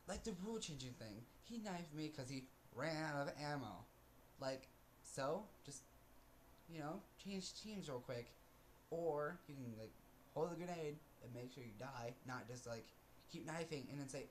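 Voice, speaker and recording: A man's voice: mid-range voice, lively intonation, normal speed, slight background noise. Aggrieved man ranting with heavy sighs. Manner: rambling with restarts and fillers. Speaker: vlogger. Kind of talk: casual storytelling rant.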